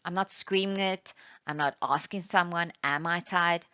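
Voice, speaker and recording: A woman teacher from South Africa giving a lesson, patiently explaining step by step and reading examples aloud slowly. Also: lowish voice, sharp tone, dry recording. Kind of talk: classroom lesson. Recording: dull, lo-fi sound.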